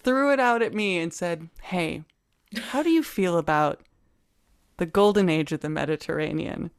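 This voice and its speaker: Lower-voiced american woman, podcast cohost, quick and playful, teasing. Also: animated, clean tone. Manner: quick, playful, self-mocking. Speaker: podcast co-host. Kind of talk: casual chat.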